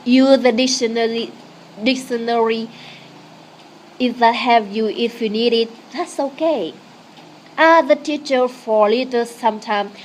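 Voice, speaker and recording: Slow, repetitive woman teaching English. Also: fairly high pitch, darkish tone, a little hiss or hum. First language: Vietnamese. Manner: slow, repetitive, encouraging phrasing. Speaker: language teacher. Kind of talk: slow English lesson monologue.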